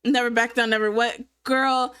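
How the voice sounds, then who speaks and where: Woman telling a storytime, kinda high voice, dry close sound, swears a lot and keeps asking right? okay?. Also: moderate pace, clean tone, no room sound. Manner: animated, profane, laughs often, keeps checking in with the viewer. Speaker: storytime vlogger. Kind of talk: casual storytelling to camera.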